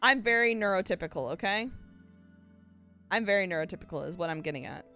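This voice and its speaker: A woman's voice: mid-range voice, lively intonation, fast talker, pushed and bright, faint music behind. Giggly woman chatting on a live stream. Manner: giggly, rambling, self-mocking. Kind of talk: casual live-stream chat.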